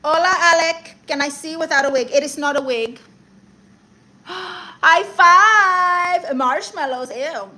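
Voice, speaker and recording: Loud, brash young woman, high bright voice. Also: fairly even intonation, normal speed, few pauses, rough recording. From Puerto Rico and Guatemala. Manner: loud, brash and exclamatory, mixing in Spanish slang. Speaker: livestream comedian reading viewer comments. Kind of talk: sassy comedic livestream chat in character.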